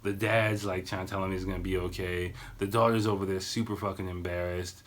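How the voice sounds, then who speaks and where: A man's voice: low voice, level tone, brisk. Rambling, swearing male podcast host. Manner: rambling, profane, lots of fillers. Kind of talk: casual storytelling podcast.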